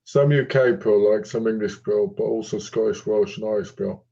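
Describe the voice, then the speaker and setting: A man's voice: on the low side, fairly even intonation, a little fast, creaky, warm tone, dull audio. A man co-hosting a casual livestream chat, talking conversationally and often checking in with "you know what I mean?".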